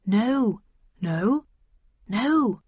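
Calm bossy lady agent, as the reader does her, husky, kinda muffled sound. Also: on the high side, very slow, dry recording, full character voice. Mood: firm. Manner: firm and coaxing. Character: brisk, level-headed woman book agent.

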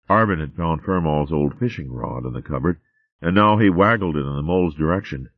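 A man narrating an audiobook in a steady, even storytelling voice. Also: extremely low pitch, fairly quick, no room sound. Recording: dry, slightly muffled recording.

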